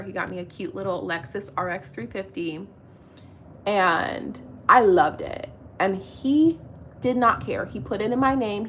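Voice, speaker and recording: Bright-voiced woman telling a story. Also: mid-range voice, slight background noise. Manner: animated, exasperated retelling with acted quotes. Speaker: vlogger. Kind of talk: casual storytelling chat.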